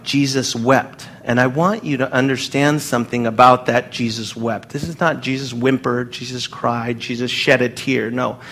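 A man preaching a sermon to his congregation in an earnest, emphatic way, pausing and restarting as he speaks. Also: mid-range voice, fairly bright tone. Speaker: pastor.

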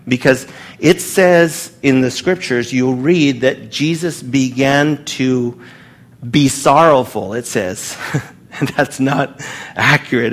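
A man preaching a sermon to his congregation in an earnest, emphatic way, pausing and restarting as he speaks. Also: mid-range voice. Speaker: pastor.

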